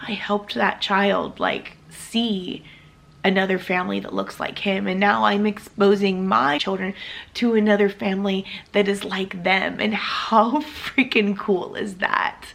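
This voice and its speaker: Speaking to her vlog audience, a woman in her thirties who is an adoptive mother tells a heartfelt story in a chatty, filler-heavy way. Her voice is medium-pitched and a bit bright, with vocal fry, in casual storytelling to camera.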